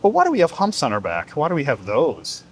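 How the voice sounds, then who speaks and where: A man's voice: fairly high pitch, huge pitch swings, quick pace. A man voicing a curious young male baby camel, asking wide-eyed questions in a storytelling bit.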